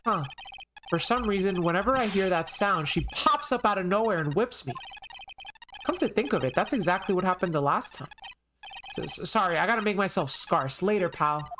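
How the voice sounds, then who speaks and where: Figure: a woman playing a bumbling male police detective. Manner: folksy, friendly, lowered voice. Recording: game music underneath. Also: animated, normal speed, fairly bright tone. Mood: nervous. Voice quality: folksy, says pal.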